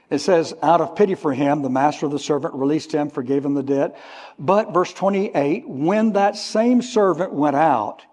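A fairly high-voiced man preaching at an unhurried, deliberate pace. He leans hard on single words, then sinks to a near whisper. His voice rings out with a long hall reverb. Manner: slow, emphatic, tells listeners to underline words; swings from loud stress to hushed drops. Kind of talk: sermon.

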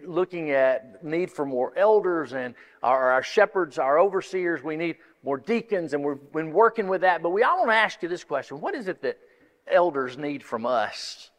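In a large church sanctuary with long, echoing reverb, a pastor delivers a sermon and announcements at normal speed. His fairly high voice is animated, and his folksy, rambling style includes many restarts.

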